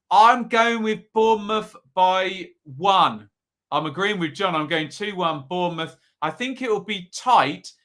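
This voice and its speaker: A man's voice: fairly high pitch, pushed and bright. A man hosting a live football predictions stream, chatting casually and reading out viewers' comments. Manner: chatty, upbeat, reads out chat comments.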